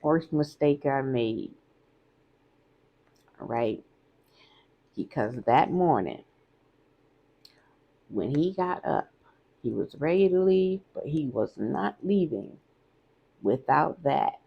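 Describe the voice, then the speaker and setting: A woman recounts her own story in a candid, conversational way, repeating lines for emphasis. Her voice sits very low, with a gravelly, husky texture. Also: animated, slow, long pauses, lo-fi sound. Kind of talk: casual storytime vlog.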